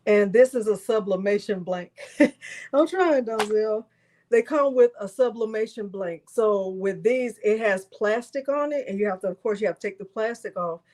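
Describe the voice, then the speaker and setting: A woman's voice: medium pitch, moderate pace, darkish tone. Chatty woman crafting host. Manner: chatty, rambling, many fillers and restarts. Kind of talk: live craft tutorial.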